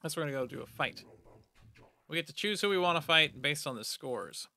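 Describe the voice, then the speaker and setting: A gaming video creator's casual let's play features his fairly high, animated voice, slightly fast and sharp in tone, over soft background music. He reads the game's text aloud and throws in jokey, playful asides.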